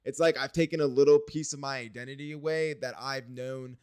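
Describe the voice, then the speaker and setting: A man's voice: mid-range voice, steady tone, a little fast, a little mellow, clean tone, no room sound. A man from Wisconsin talking through a casual spoken video diary, rambling and candid with some swearing. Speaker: video diarist.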